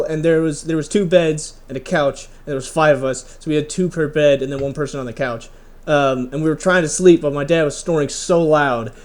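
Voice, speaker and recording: A young man co-hosting a podcast, telling funny stories in a lively, casual way with lots of "um"s. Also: fairly high pitch. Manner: lively storyteller, many "um"s, laughs through stories. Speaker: podcast co-host. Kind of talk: casual chat.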